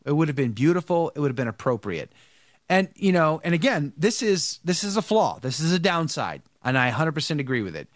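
Male host, lively up-and-down delivery, emphatic, stumbles and restarts, tired, dry mic. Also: a little high, a little fast, no room sound. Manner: emphatic, repeats himself, many restarts. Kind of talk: casual live show commentary.

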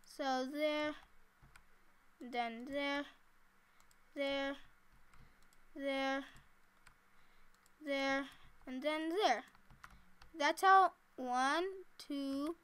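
A woman's voice: sits high, very slow, pauses often, a bit bright. A woman casually talking to herself while she plays a building game, chatty and giggly. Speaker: gameplay commentator. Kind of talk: casual let's-play commentary.

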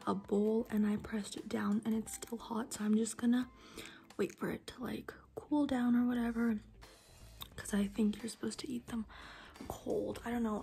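A woman's voice: on the high side, vocal fry, mellow. A young woman, a student, chatting in a casual cooking vlog, mostly whispering in her home kitchen late at night. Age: young adult. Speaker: student vlogger.

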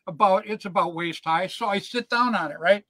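A man hosting a show, telling casual stories in an animated, chatty way and checking in with "right?" and "man". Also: high voice, normal speed, no echo. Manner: animated yarn-spinner, peppers lines with "man" and "right?". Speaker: show host. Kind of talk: casual storytelling chat.

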